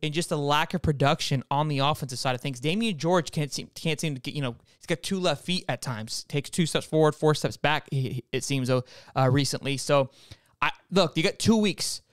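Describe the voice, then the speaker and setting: A man's voice: fairly high pitch, fairly quick, no echo, clean studio sound. A man hosting a fan sports show, breaking down a football game in casual commentary that talks straight to viewers, with frequent restarts.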